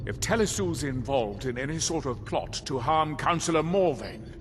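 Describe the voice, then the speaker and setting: A man's voice: fairly high pitch, lively intonation, in a large hall, background noise, lightly acted. A man playing a stern guard captain. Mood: firm. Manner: firm, measured. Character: cautious town guard captain, stern and practical.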